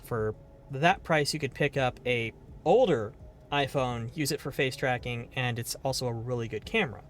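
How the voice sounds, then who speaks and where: A man's voice: medium pitch, slight background noise. A man streaming a game live, chatting casually in a rambling, playful way and swearing now and then.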